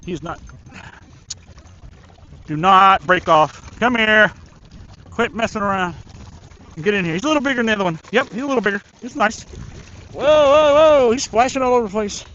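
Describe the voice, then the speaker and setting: A man streaming a fishing tournament live from a riverbank, chatting excitedly and talking to the fish he reels in. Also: high-pitched, quick pace, lo-fi sound, slight background noise. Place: outdoors by a river.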